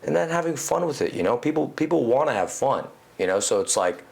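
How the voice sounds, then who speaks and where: A man talking as a podcast guest in casual conversation, animated and swearing casually, peppering his talk with "you know". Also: mid-range voice, a little fast, vocal fry. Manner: animated, acts out quoted inner voices.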